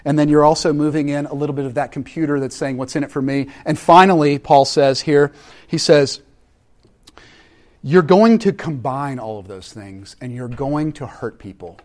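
A man delivers a sermon with a fairly high-pitched voice. He is animated, building emphasis and then pulling back into quiet, intense asides. The delivery is conversational, as a pastor addressing his congregation. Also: normal speed.

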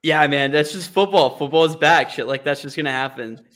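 A man's voice: on the high side, brisk, a bit bright. A young man co-hosting a casual sports podcast, laid-back and agreeable, joking along.

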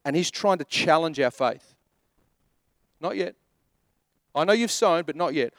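A middle-aged man preaching a sermon as a pastor, animated, repeating key phrases and acting out little asides. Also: a little high, measured pace, long pauses, dry recording, studio quality.

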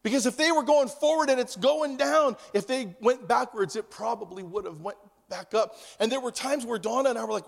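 A man in his fifties preaching a sermon, telling stories that move between loud and hushed. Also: very high-pitched, fairly quick, gravelly, hardly any pauses. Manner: storytelling, swings from loud to hushed. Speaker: pastor. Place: church hall. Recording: long church reverb.

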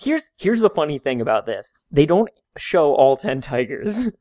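A man's voice: a little high, sing-song, normal speed, dark tone, no echo. A man co-hosting a casual chat podcast, joking, rambling and laughing often. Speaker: podcast co-host.

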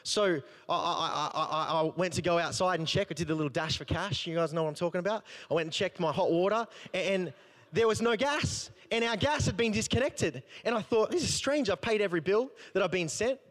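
High-voiced man preaching with humor. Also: brisk. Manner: conversational, humorous, animated storytelling. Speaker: pastor. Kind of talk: sermon with personal story.

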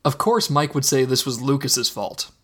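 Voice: medium pitch, sing-song, moderate pace, fairly bright tone, breathy edge. A narrator reading fan fiction aloud in a playful way, acting out the dialogue. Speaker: story reader.

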